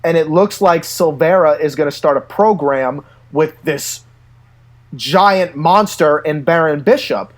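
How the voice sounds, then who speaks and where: A man in casual chat, telling stories in an animated way and laughing often. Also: on the high side, unhurried. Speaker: podcast co-host.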